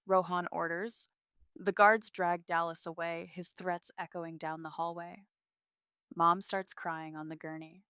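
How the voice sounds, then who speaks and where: A woman narrating a first-person family drama in a cool, clipped way. Her voice is bright and forceful, with crisp, clear diction. The sound is dry and close. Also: lowish voice, fairly even intonation, measured pace, no echo.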